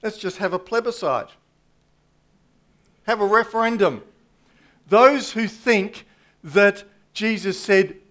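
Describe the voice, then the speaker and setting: A male preacher with a high voice delivers a sermon at an unhurried pace. He talks deliberately to his congregation and slips in dry asides. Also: a bit bright. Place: church congregation.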